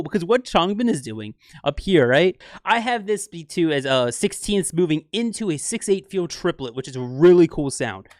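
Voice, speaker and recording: A man hosting a casual music breakdown, excitably scatting rhythms aloud as he explains them. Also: high-pitched, no room sound, clean studio sound. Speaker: music reaction host.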